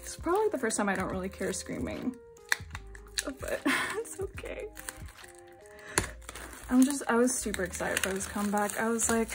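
A young woman from Singapore chatting excitedly at home while unboxing, gushing and laughing often. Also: mid-range voice. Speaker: unboxing vlogger. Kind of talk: excited casual unboxing chat.

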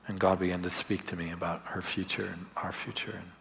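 Brisk and creaky, a low, level-toned male voice carries a sermon built on personal anecdotes. He is a pastor at a church service, storytelling warmly and conversationally with bursts of laughter.

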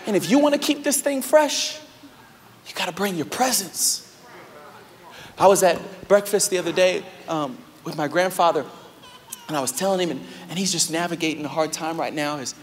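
A young man preaching a sermon as pastor, moving between loud exhortation and hushed, soft storytelling. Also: a little high, a little hiss or hum. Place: large church auditorium. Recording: live sermon with echoey hall.

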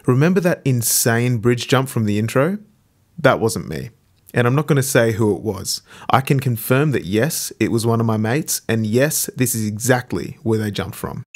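A young man in his twenties, vlogging casually from his car and outdoors in a rambling, excitable way with lots of fillers. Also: mid-range voice, dry recording. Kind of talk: casual vlog narration.

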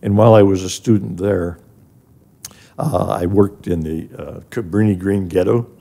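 Older man with a gravelly low voice. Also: fairly even intonation, moderate pace, dark tone. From grew up in an African village. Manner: earnest and emotional, rising when moved. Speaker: guest, charity president emeritus. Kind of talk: personal storytelling in a podcast interview.

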